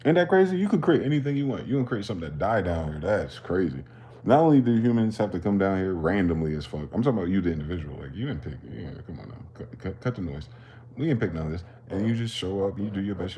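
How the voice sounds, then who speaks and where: Low-voiced man musing in street slang. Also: lively intonation, quick pace, dark tone, a little hiss or hum. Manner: profane, questioning, street slang. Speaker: livestream host. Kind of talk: rambling philosophical monologue.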